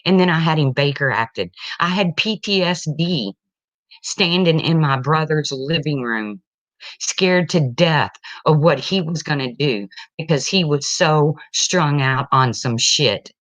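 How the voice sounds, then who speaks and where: With a low, slightly bright voice, a middle-aged woman speaks in an animated way at a measured pace while venting online as a parent about her family. The personal rant is emotional, blunt, and heated, tearful at times. The recording has no echo and a dull, dry lo-fi sound.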